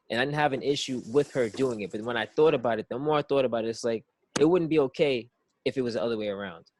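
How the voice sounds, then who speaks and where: A man talking through his view on a podcast in a loose, rambling way, looping back on the same phrases and repeating words as he works the idea out. The sound is dry and close, with no room around it, and his pitch sits mid-range. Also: dry recording. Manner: rambling, circling back with "it's like"; repeats words while thinking. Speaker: podcast co-host. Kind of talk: casual podcast discussion.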